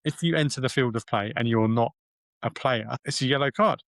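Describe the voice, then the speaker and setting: A man's voice: medium pitch, a little fast, gravelly, fairly bright tone, no echo. A man co-hosting a casual podcast, chatting in an easygoing way with many fillers. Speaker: podcast co-host. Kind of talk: casual chat.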